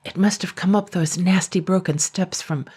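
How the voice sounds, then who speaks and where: A woman's voice: fairly low pitch, fairly even intonation, moderate pace, dark tone, breathy edge, pitched above the performer's own voice. A woman voicing a frightened blacksmith who stammers and trembles, yet stays polite. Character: timid grown man, a fearful blacksmith.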